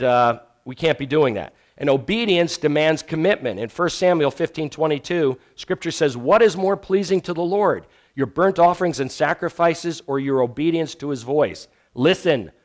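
A man preaching a sermon on sharing faith, earnest, telling stories and dropping to a hush for emphasis. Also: on the high side. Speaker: evangelism teacher.

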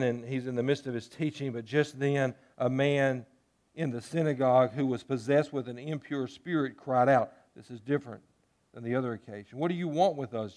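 A man's voice: medium pitch, a little mellow. A man preaching a sermon as pastor, talking conversationally and putting rhetorical questions to his listeners.

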